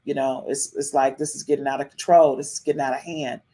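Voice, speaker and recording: A woman hosting a live-stream podcast in casual chat, animated and sassy, repeating herself often. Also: rumbling low, quick pace. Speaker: podcast host.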